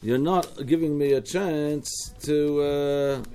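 A man's voice: on the high side, steady tone, slow pace, warm tone. Australian man teaching a Talmud class. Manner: explanatory, with frequent restarts and asides.

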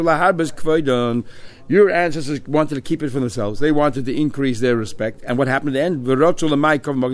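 Moving quickly through a Talmud class, a man reads out Hebrew and Aramaic phrases, then translates and explains them in English. His voice sits at a normal middle pitch.

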